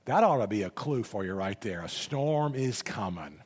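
A man preaching a sermon as a pastor, speaking dramatically and rising to loud bursts when he reads scripture. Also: lowish voice, lively intonation, moderate pace, breathy edge, long reverb tail.

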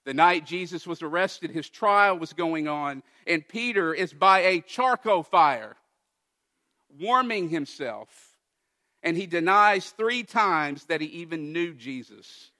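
Male pastor, preaching, high voice, bright and forceful tone, lively storytelling. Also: slow pace. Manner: animated storytelling with emphatic quoted dialogue. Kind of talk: sermon.

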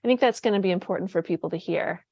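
A woman's voice: fairly low pitch, very fast, darkish tone, dry recording, dull audio. A woman hosting a casual interview, talking in an eager, rambling way with frequent restarts. The sound is close and dry, with no room around her. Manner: chatty, enthusiastic, many restarts. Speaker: podcast host.

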